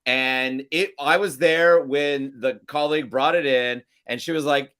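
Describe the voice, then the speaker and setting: रैम्बलिंग अंदाज़ में बात करता पुरुष पॉडकास्ट होस्ट. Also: male voice, mid-range voice, normal speed, fairly bright tone. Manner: rambling, self-amused storytelling. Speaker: podcast co-host. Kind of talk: casual chat.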